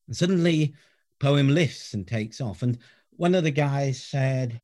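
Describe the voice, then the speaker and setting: A man, a professor, telling stories earnestly in an interview and dropping to a soft voice on key words. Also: medium pitch, unhurried. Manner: earnest, varies loudness, drops to soft near-whisper on key words. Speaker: professor, guest. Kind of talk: reflective interview storytelling.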